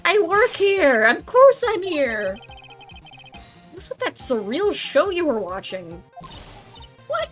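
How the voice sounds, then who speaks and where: Flustered young male lawyer, exasperated, high-ish and animated; a woman reads him. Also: measured pace, long pauses, faint music behind, exaggerated voice. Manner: exasperated and grumbling. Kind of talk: reading game dialogue aloud.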